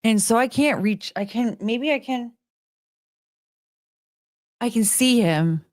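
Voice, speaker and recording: A woman's voice: a little high, animated, slow, a little mellow, no echo, clean studio sound. A woman chatting casually with her live-stream viewers, rambling and giggling and often breaking off mid-sentence. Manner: rambling, self-interrupting, giggly. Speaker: livestream host.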